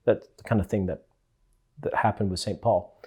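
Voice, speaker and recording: A Scottish-accented parish priest talks through a relaxed weekly reflection, chatty and homely. His voice sits a little low. He slips in playful asides as he goes. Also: moderate pace, slightly rough. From Scotland. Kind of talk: casual spoken reflection.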